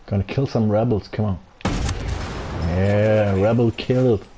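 A man's voice: on the low side, slow, warm tone, a little hiss or hum. A man giving live commentary on his gameplay, angry and swearing a lot. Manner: angry ranting, heavy swearing. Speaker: gaming streamer.

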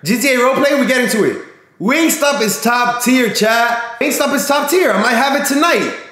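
A man's voice: extremely high pitch, expressive, moderate pace, fairly bright tone, echoey room. A man live streaming in casual chat, slangy and talking straight to his viewers, often repeating himself.

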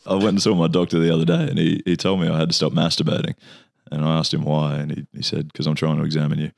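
A man telling jokes to friends, halting and restarting as he sets them up. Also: extremely low pitch, little pitch movement, creaky, a little mellow, a little hiss or hum. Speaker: comedy joke teller. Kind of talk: casual joke telling among friends.

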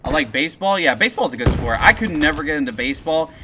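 A young man chatting on a live gameplay stream, excitable and profane, telling stories in slangy talk. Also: a little high, quick pace, over music. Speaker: gaming streamer.

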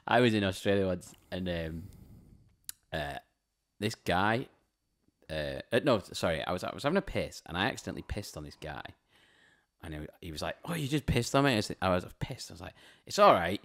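A man's voice: low-pitched, animated, fairly quick, pauses often. A man, co-hosting a comedy podcast, telling crude stories in casual banter and laughing often. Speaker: podcast co-host.

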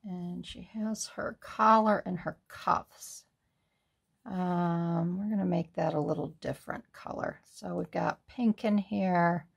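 A woman's voice: lowish voice, fairly even intonation, slow, creaky, breathy edge. A woman hosting a card-making tutorial, thinking aloud in a casual, musing way as she works. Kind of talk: casual crafting tutorial talk.

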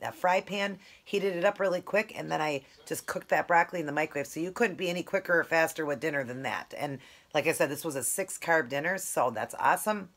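A woman's voice: low voice, fairly quick, few pauses. A woman chatting casually in a food vlog, talking in a rambling, affectionate way while eating. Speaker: keto food vlogger.

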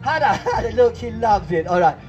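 High voiced guy doing a kids comedy show, bossy theatrical patter, faint music behind. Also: very animated, brisk, a little mellow, highs cut off. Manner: bossy, theatrical showman banter. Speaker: children's entertainer. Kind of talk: comic audience-participation patter. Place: outdoor festival stage.

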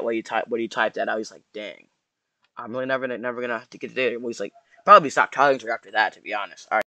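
A young man rambling through casual reaction commentary, slangy and mock-sorrowful, with restarts and drawn-out sighs. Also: mid-range voice, bright, forceful tone, dry recording. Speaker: YouTuber reacting to posts.

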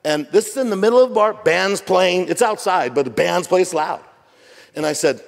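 Casting: male pastor, higher-pitched, animated storytelling sermon, long church reverb. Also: normal speed, vocal fry. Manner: animated, jokey, acts out voices. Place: church sanctuary.

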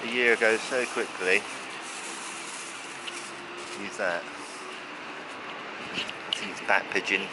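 A man with a fairly low voice chats warmly to his camera as he feeds pigeons outside. He laughs often and calls the birds over by name. His handheld camera picks up clear traffic noise from the street. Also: steady tone, slow pace, pauses often. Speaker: vlogger feeding pigeons. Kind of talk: casual outdoor vlog narration. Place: outdoors by puddles, rain.

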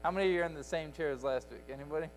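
Guy preaching sunday school in church, emphatic and repetitive, kinda high voice. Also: racing, faint music behind, rough recording. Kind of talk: sermon. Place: church sanctuary.

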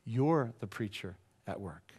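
A man preaching a sermon as pastor, conversational and jokey, swinging between loud emphasis and quiet asides. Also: on the low side, expressive, husky. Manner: jokey, drops into quick playful voices.

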